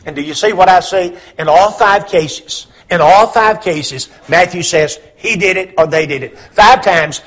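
A man preaching a sermon, swinging between hushed, low lines and loud, emphatic questions. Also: unhurried, hardly any pauses.

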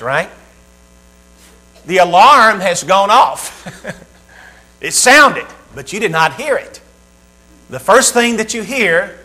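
A man's voice: sits high, sharp tone. A man preaching a sermon, reading scripture and telling a humorous story with acted-out voices.

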